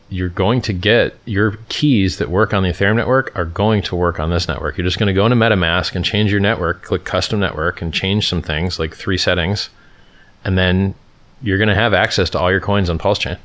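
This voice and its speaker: A middle-aged man hosts a livestream, reading chat questions aloud and answering them in a blunt, offhand, casual way with lots of "like" and "dude." His voice sits low with a fairly bright tone.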